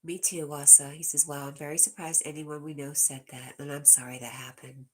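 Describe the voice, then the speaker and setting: Female livestream host, deep and breathy, talks straight to her chat, slips into whispers now and then. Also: level tone, fairly quick. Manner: reads comments aloud and answers viewers directly, drops to a whisper at times.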